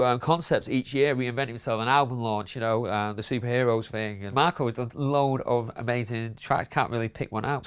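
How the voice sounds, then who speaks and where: Man, club promoter, casual countdown, rambling, lots of fillers, medium pitch. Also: smooth. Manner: chatty, rambling with many fillers. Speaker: club promoter ranking his favourite DJs.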